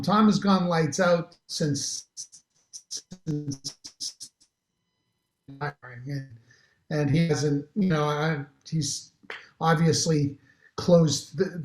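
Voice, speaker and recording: Middle-aged actor guest, eager and rambling, restarts often, heard in a roomy echo. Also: male voice, a little high. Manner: enthusiastic, rambling with many restarts. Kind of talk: casual interview chat.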